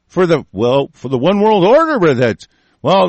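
A political commentator delivers a furious, heavily profane solo rant about the news. His voice is a little high and sing-song at a moderate pace, recorded with no room sound.

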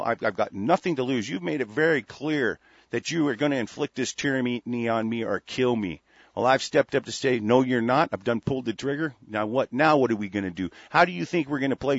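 A man hosts a radio show, firing off a combative, profanity-heavy rant. His voice is husky and set at a middling pitch. The recording is dry and dull, with a lo-fi broadcast quality. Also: no room sound. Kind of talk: heated monologue on internet radio.

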